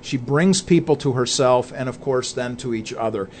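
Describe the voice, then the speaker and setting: A man's voice: medium pitch, moderate pace, slight background noise. A man co-hosting a Christian talk show, speaking in an earnest, preacherly way and laying out his points one by one. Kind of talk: conversational faith talk.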